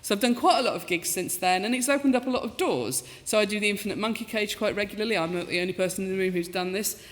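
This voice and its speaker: Woman in her fifties, professor telling comic stories on stage in a big reverberant hall, animated and self-mocking. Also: medium pitch, fast talker. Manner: lively, self-mocking, acts out quoted voices. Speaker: professor giving a talk. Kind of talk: storytelling talk with comic asides. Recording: lecture hall with long reverb.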